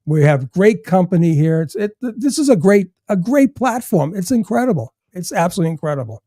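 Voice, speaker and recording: An older man from Massachusetts sits in as a podcast guest and spins animated stories. He acts out other people's lines and swears freely. His voice is warm and pitched a little high, heard dry and close. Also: fairly quick, no room sound. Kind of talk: casual podcast chat.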